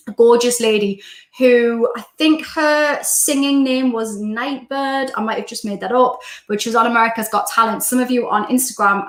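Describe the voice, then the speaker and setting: A woman's voice: on the high side, fairly bright tone, reverberant. A woman with a Geordie accent, a life coach talking casually in a livestream and reading out viewer comments as she rambles. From Newcastle, England.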